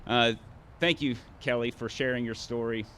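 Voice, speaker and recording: A man's voice: medium pitch, steady tone, normal speed, a bit bright, slight background noise. A man in his fifties from Arkansas giving a speech at an outdoor ceremony, sometimes calling out drill commands. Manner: commanding drill calls at moments. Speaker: ceremony speaker.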